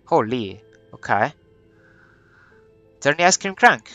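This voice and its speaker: Gamer guy thinking aloud as he plays; smooth, resonant voice, hesitant and musing. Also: mid-range voice, animated, measured pace, pauses often, a bit bright, no room sound, faint music behind. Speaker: let's play gamer. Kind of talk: gameplay commentary, reading game text aloud.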